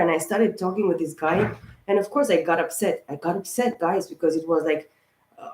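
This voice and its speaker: This tarot reader and channel host has a lowish, darkish voice with fairly even intonation, and she talks a little fast. Recorded in an echoey room, she does a casual astrology reading to camera, chatty and rambling, leaning on "of course" and "guys" as she gets worked up.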